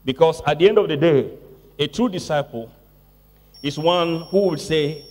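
A man's voice: a little high, moderate pace, long pauses, a little mellow. A man preaching a sermon as pastor to his congregation, stressing key words and repeating phrases with call-outs to the room. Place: church sanctuary. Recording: long church reverb.

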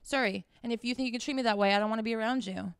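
A woman hosts a casual advice show, blunt and foul-mouthed, pressing her points home and checking in with the listener. Her voice is smooth and resonant, and it sits dry and close with almost no room sound. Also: fairly high pitch, very fast, dry recording. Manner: blunt and profane, emphatic; direct, talks straight to the listener with repeated "okay?". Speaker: podcast host.

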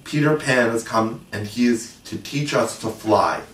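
Storybook casting: an excitable, proper little girl with breathless cries, put on by a male reader in a roomy room. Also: fairly low pitch, a little slow. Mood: excited. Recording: roomy, distant mic.

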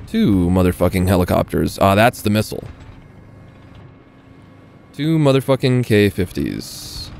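A man's voice: lowish voice, a little mellow, a little hiss or hum. A man giving casual, swearing gameplay commentary as he plays, talking half to himself and half to viewers. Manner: muttering, swearing asides to viewers. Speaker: gaming video creator.

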